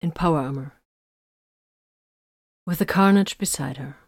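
A woman reading a fantasy story as narrator, with steady, measured storytelling. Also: low voice, no echo, clean studio sound. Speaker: audiobook narrator. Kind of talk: scripted narration.

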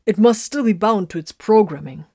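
Woman reading a calm, reasoning warrior leader. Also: mid-range voice, husky, dry recording, clean studio sound, voice pushed up. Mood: explaining. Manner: explaining, measured. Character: calm reasoning male space-marine leader.

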